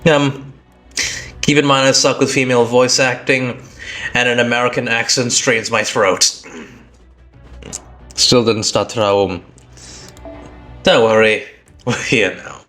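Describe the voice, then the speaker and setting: A tired British man streams live, rambling and correcting himself mid-thought in casual chat. His voice sits at an ordinary middle pitch. Faint music plays behind him. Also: steady tone, slow pace, long pauses, fairly bright tone. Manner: rambling, self-correcting, chatty.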